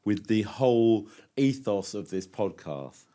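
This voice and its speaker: A man's voice: on the low side, lively intonation, unhurried, dark tone. A man co-hosting a gardening podcast, chatting casually and teasing his co-host with jokes. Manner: jokey, teasing, laughs often.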